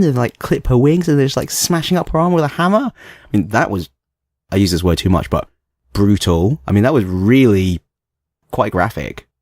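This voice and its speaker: A man with a London accent co-hosting a podcast in casual chat, animated and quick to laugh. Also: mid-range voice, no room sound. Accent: London English. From London, England. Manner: animated, laughs often, acts out voices. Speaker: podcast co-host.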